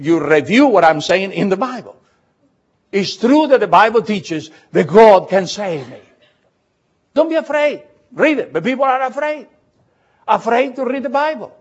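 High-pitched guy preaching, really animated, keeps repeating words, dull lo-fi recording. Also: husky. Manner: emphatic, repeats words, reads scripture slowly. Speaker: pastor. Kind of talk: sermon.

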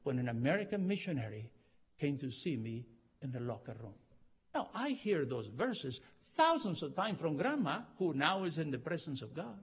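A man pastor preaching a sermon, impassioned, with non-native phrasing, rising to loud cries. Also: on the high side, big pitch swings, normal speed, husky, highs cut off. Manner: impassioned, swelling to loud cries on key lines. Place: church auditorium.

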